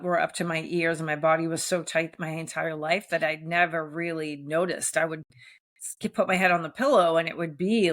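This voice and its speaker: A woman hosting a solo podcast, talking candidly and gently encouraging listeners, with frequent restarts and soft laughs. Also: low voice. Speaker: podcast host. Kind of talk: solo reflective podcast talk.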